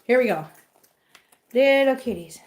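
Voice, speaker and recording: A woman's voice: high-pitched, expressive, a little slow, a little mellow. Chatty woman baby-talking to cats. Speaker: host of a cat-care livestream. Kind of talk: casual livestream chat. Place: home room with cats.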